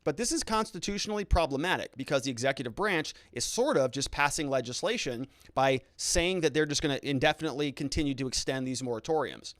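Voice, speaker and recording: A man's voice: mid-range voice, expressive, fast, few pauses, fairly bright tone, no room sound, studio quality. A middle-aged man hosting legal and political commentary, talking to his viewers in a mocking, sarcastic way.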